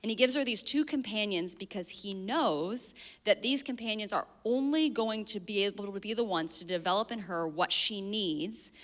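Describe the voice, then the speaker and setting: A woman's voice: medium pitch, normal speed, fairly bright tone. A young woman speaking earnestly from a church stage, reflecting on a book that shaped her. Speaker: guest speaker. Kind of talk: sermon. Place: church stage before an audience. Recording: long reverb in a large hall.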